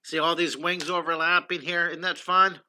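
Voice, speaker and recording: An older man teaches drawing on a casual livestream, talking in a chatty and enthusiastic way and calling out to his viewers as he sketches. His voice is very bright, sitting a bit high for a man. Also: little pitch movement, normal speed, a little hiss or hum. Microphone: computer streaming setup.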